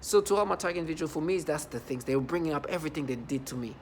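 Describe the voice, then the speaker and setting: A man talking to camera in a rambling, halting monologue, repeating words and stressing points earnestly. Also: fairly high pitch, expressive, slight background noise. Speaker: vlogger.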